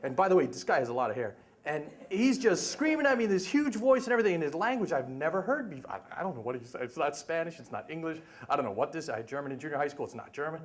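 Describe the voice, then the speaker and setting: A middle-aged man spins a humorous tale for a live story slam. His voice sits a little high and swoops around animatedly, full of chatty asides. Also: big pitch swings, fast, few pauses.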